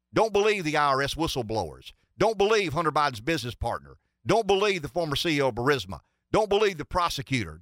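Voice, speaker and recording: A man's voice: fairly high pitch, sharp tone, no echo, studio quality. A man giving emphatic political commentary on a talk show, stacking rhetorical questions and repeating himself for emphasis.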